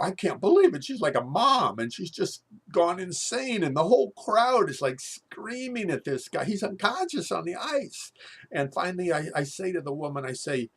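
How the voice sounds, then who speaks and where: Brief: male storyteller, husky gravelly voice, animated and rambling. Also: on the high side, normal speed. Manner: rambling, animated, with many restarts and fillers. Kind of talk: live comic storytelling monologue.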